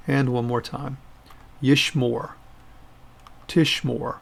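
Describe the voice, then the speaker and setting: A man of ordinary pitch leads a recorded grammar lesson. He explains each form step by step in a patient, methodical way. He pauses so learners can repeat words after him. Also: steady tone, creaky. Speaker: Hebrew teacher.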